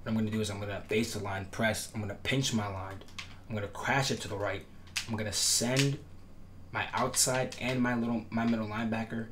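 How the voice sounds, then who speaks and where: There's background noise as a man with a fairly low, steady voice moves briskly through defensive setups. As a gaming tutorial creator in a casual video, he instructs with emphasis and repetition, promises things emphatically, and his voice cracks occasionally.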